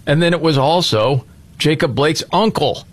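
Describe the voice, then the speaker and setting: A man's voice: a little high, moderate pace. A man hosting a casual political talk show, speaking in a blunt, indignant way. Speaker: podcast host.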